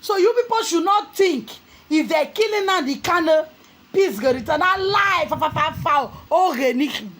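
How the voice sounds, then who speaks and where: Nigerian woman, vlog commentator, fiery, scolding, high voice, lively swooping delivery. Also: normal speed, poor audio. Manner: fiery, scolding, often shouting. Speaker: commentary vlogger. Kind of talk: impassioned political commentary.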